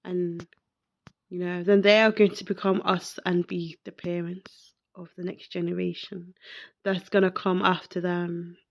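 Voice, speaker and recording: A woman hosting a podcast, talking slowly and reflectively in an emotional personal monologue, close to tears and repeating herself as she searches for words. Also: fairly low pitch, level tone, creaky, muffled recording. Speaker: podcast host.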